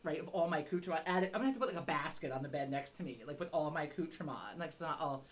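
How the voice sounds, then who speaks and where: A woman's voice: deep voice, very fast, slight background noise. Foul-mouthed woman telling a rambling story. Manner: rambling, swears constantly, self-deprecating storytelling. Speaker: podcast co-host. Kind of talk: casual chat.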